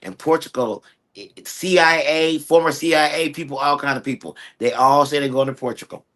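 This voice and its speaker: A mid-pitched speaker chats casually on a streamed show. They tell their stories in an animated way. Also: a little fast. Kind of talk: casual chat.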